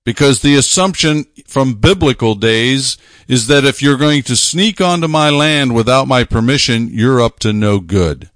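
A man's voice: medium pitch, unhurried, hardly any pauses, fairly bright tone, dry recording. Emphatic male preacher, dry sound. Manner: emphatic, repeats phrases for stress. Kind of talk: sermon.

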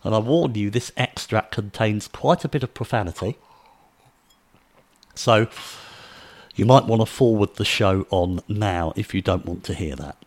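A man's voice: fairly low pitch, measured pace, long pauses. An English man hosting a podcast, ranting in a casual, opinionated way. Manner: ranting, opinionated, lively intonation. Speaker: podcast host.

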